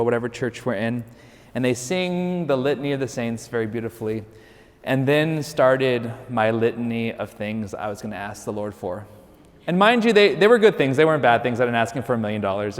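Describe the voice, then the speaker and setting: Male priest, mid-range voice, casual storyteller with dry humor, booming church reverb. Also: fairly quick. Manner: conversational, lightly joking storytelling. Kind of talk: sermon.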